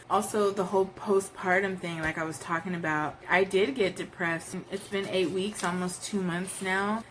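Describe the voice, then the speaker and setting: A woman's voice: on the low side, slight background noise, rough recording. A woman telling her birth story in a casual vlog, candid and profane, acting out her own reactions. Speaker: new mother, vlogger.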